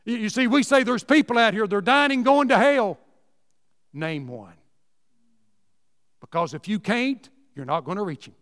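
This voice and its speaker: A high-pitched man preaches to his congregation with folksy, emphatic conviction, driving his points home by repeating them. His voice rings out with a long reverb, as if filling a large church sanctuary. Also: animated, a little fast, hardly any pauses, a bit bright. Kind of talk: sermon.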